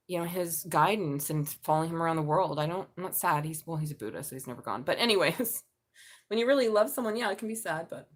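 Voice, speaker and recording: Blunt, chatty woman tarot reader. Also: fairly low pitch. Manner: blunt and chatty, swears freely. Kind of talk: casual live-stream tarot reading.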